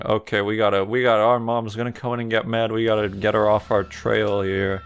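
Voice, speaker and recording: A man's voice: on the low side, little pitch movement, a little fast, few pauses, clear, resonant tone. A man reading aloud and commenting sardonically on a text adventure game as he plays it. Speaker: gaming streamer.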